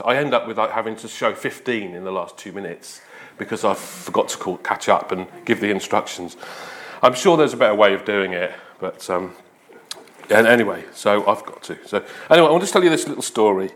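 A man's voice: on the low side, fairly quick, fairly bright tone. A man preaching a conversational sermon after an opening prayer, informal and repeating himself often. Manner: informal, repeats "Lord" and "just", restarts.

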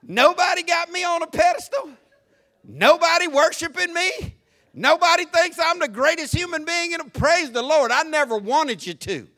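A male pastor preaching a sermon, animated, moving from soft asides to shouts. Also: extremely high pitch, normal speed.

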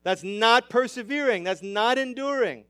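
Guy preaching a sermon, high smooth voice, really emphatic, loud then soft. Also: moderate pace, no echo, studio quality. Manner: emphatic preaching with big swings in loudness. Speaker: pastor.

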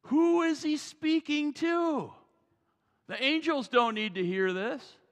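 A pastor preaching a sermon in a church, animated and folksy, with joking asides, on a worn mic. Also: male voice, extremely high pitch, takes it slowly. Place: church sanctuary. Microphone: wearing a mic. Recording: reverberant church hall.

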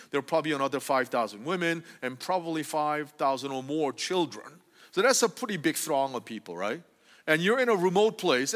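Lively preaching man in a reverberant hall. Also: fairly high pitch. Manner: animated, often asking the congregation "right?". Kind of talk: conversational sermon.

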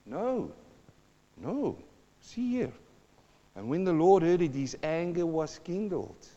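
A man's voice: a little high, very animated, slow pace, warm tone, long reverb tail, muffled recording. A middle-aged man preaching a sermon to a congregation, dramatic, asking questions and acting out sounds and voices. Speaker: pastor.

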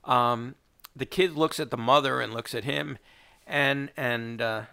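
A middle-aged man with a gravelly, fry-edged voice talks through a movie plot in casual conversation. His tone is bright and forceful, and he trails into false starts and repeated words as he hunts for details. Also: medium pitch. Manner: rambling, halting retelling with many restarts. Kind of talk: casual chat recapping a movie.

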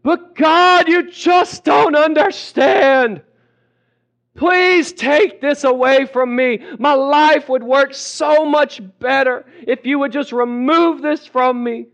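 A preacher putting on a frustrated believer who pleads with God in a high, strained, raised voice. The complaints come out exasperated and insistent, with a dull, lo-fi sound. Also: male voice, steady tone, takes it slowly, fairly bright tone, heavily acted. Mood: pleading. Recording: dull lo-fi recording.

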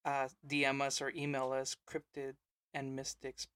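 A man's voice: mid-range voice, monotone, normal speed, a bit bright, clear, resonant tone, no room sound. A man co-hosting a casual podcast, rambling with lots of ums and you-knows. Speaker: podcast co-host. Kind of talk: casual chat.

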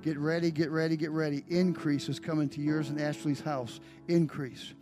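A man's voice: on the high side, level tone, normal speed, over music. A man preaching a sermon as pastor, calling out to members of his congregation by name. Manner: preaching with call-outs to congregation. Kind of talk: sermon with live demonstration.

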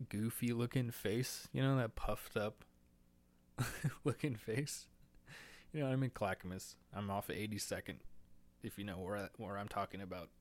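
A young man hosting a solo podcast, rambling crude and profane, nervous and a bit short of breath, laughing at his own jokes. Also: fairly low pitch. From United States. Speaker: podcast host. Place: indoors, talking alone into a mic.

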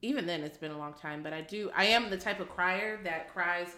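A woman co-hosting a casual podcast chat, animated and acting out her own reactions with laughs. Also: on the low side, brisk. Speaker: podcast co-host. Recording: echoey room.

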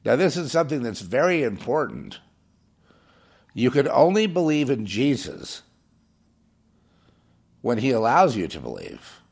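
A man's voice: medium pitch, big pitch swings, a little slow, gravelly, long pauses, darkish tone, breathy edge. A man preaching on air in a fervent, scornful monologue, hammering points home by repeating phrases. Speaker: radio preacher.

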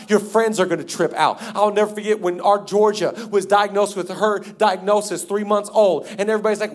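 A man preaching a sermon as pastor, moving from loud, drawn-out declarations to quiet, hushed passages. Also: high voice. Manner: acts out quoted people in a raised voice.

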